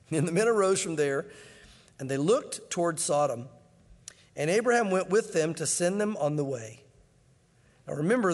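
A man's voice: a little high, long reverb tail. A man preaching a Bible-teaching sermon in a conversational way, with joking asides. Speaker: pastor.

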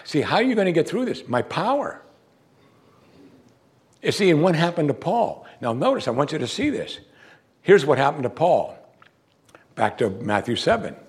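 Gravelly-voiced male preacher. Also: fairly high pitch, sing-song, moderate pace, long pauses. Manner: emphatic, asks the listeners rhetorical questions; reads scripture aloud between explanations. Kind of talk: sermon.

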